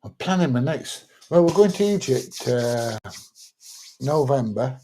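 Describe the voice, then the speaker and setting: A man's voice: mid-range voice, expressive, measured pace, mellow, slight background noise. A middle-aged man, chatting casually on a live stream and reading out viewer comments, thinking aloud with plenty of fillers.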